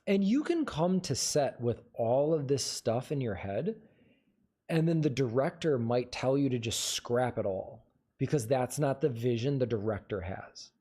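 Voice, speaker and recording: A man's voice: medium pitch, expressive, unhurried, warm tone, breathy edge. A man hosting a livestream, casually giving advice and answering viewer questions in a conversational way. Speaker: livestream host.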